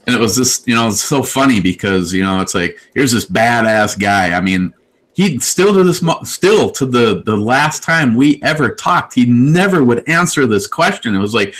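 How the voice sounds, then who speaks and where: Guy on a live chat telling a long story, kinda low voice, keeps restarting and doing the other guy's lines. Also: expressive, moderate pace, a bit bright, low-quality recording. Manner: rambling, restarts, acts out quotes with pitch jumps. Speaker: live show host.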